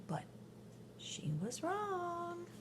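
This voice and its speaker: A woman reading a children's storybook aloud, slow and expressive, often dropping to a whisper. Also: extremely high pitch. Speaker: parent reading to her children.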